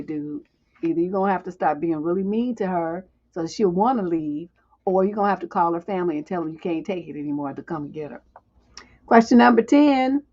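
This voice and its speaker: A woman's voice: medium pitch, a little mellow. A woman hosting a livestream relationship advice show, giving blunt, profane advice with chatty, laughing asides. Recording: dull lo-fi stream audio.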